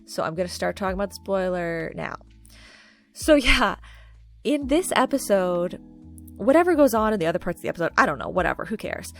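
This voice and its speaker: A woman's voice: mid-range voice, lively intonation, a little fast, vocal fry. Chatty woman, faint music underneath. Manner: chatty, gushing, many fillers. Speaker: video creator ranking movies. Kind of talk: casual chat to camera. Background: faint background music.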